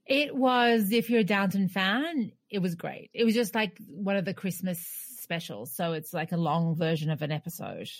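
A woman's voice: lowish voice, lively intonation, moderate pace, hardly any pauses, no room sound. A woman co-hosting a podcast who argues her opinion firmly in casual chat, laughing along the way.

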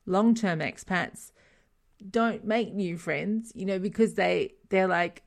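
A middle-aged woman chats easily with a co-host, her voice carrying a gravelly, fry-edged texture. She laughs often and acts out the things people said to her. Her pitch sits in a middle range. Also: slow. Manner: chatty, laughs often, retells dialogue animatedly. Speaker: podcast co-host. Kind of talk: casual chat.

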